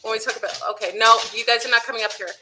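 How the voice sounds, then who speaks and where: There's background noise as a woman with a fairly high, steady voice talks very fast to her viewers from home, her dogs nearby. An online commentator, she goes unscripted, rattling off rhetorical questions and calling everyone y'all.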